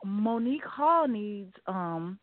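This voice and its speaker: A woman's voice: medium pitch, animated, takes it slowly, no room sound. A woman author telling a story in a casual interview, acting out both sides of conversations in quoted voices. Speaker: guest author. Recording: phone-like dry sound.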